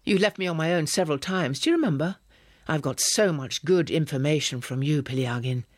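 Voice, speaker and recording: A man reading an audiobook, voicing a young woman spy who is calm, cutting and quietly threatening. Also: on the high side, a little fast, no room sound, clean studio sound. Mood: coolly menacing.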